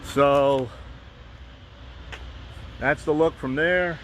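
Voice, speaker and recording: A man's voice: on the high side, fairly even intonation, extremely slow, a bit bright, a little hiss or hum. A man live-streaming from a phone outdoors, rambling casually with frequent restarts and asides. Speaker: vlogger and fan group host.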